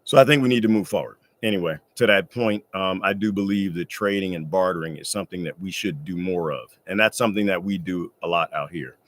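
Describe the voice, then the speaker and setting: A man's voice: sits low, a little fast, few pauses. A man hosting a casual livestream from his off-grid home, rambling through viewer comments with joking asides. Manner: loose, digressive, says y'all, joking asides. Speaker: livestream host answering chat. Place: off-grid desert home, indoors.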